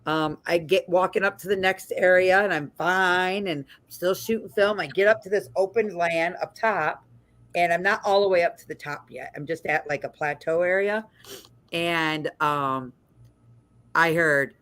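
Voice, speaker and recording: Lady hosting a chill live chat, lowish voice, tells stories all animated. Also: normal speed. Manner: lively storyteller. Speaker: host. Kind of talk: casual livestream chat.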